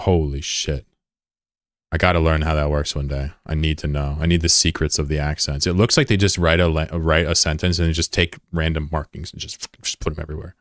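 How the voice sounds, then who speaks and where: A man's voice: rumbling low, fairly bright tone, dry recording, clean studio sound. A man streaming a game and chatting casually with viewers, rambling and curious, with plenty of fillers and swearing. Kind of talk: casual chat with viewers while gaming.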